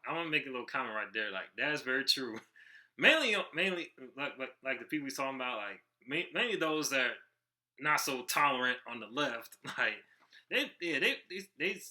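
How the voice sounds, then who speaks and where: A man's voice: medium pitch, sharp tone. A man hosting a reaction video, commenting casually with frequent laughs and stammered restarts.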